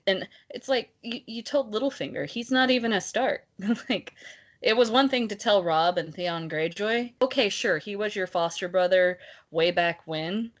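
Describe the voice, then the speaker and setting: A woman co-hosting a casual book discussion podcast, talking in an animated, exasperated way and laughing often. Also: medium pitch, moderate pace. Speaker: podcast co-host.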